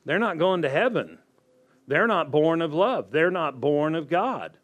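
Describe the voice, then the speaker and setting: A man's voice: fairly high pitch, very animated, unhurried. A man preaching a sermon as pastor, reading scripture aloud and putting rhetorical questions to his congregation.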